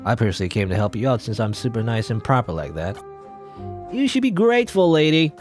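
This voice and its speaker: A man's voice: mid-range voice, sing-song, fast, over music, natural voice. A man voicing a smug, chatty male guardian angel in a game, breezy and teasing. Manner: breezy, teasing, self-satisfied.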